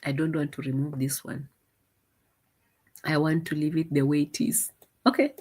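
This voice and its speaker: A woman doing casual commentary, slightly low in pitch. She talks in a mocking, animated way and keeps leaping into high mimicking voices. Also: normal speed, slightly rough. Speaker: reaction commentator.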